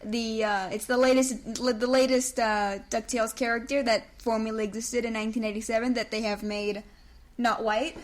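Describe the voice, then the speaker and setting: Brief: woman podcast co-host, slightly high, chatty and giggly recap talk. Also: flat delivery, normal speed. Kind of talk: casual podcast recap chat.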